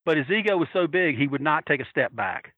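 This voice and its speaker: A man telling a story in a casual, animated way, swearing freely and acting out the voices of the people he quotes. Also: on the high side, brisk, dry recording, narrow, tinny audio. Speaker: storyteller recalling wrestling fan days.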